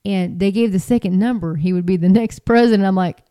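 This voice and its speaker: This woman talks in a warm, mellow voice at a middling pitch. She sounds casual and rambling, stumbling through restarts and fillers. An exasperated, incredulous edge runs through her talk. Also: fairly quick, smooth. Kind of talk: casual commentary.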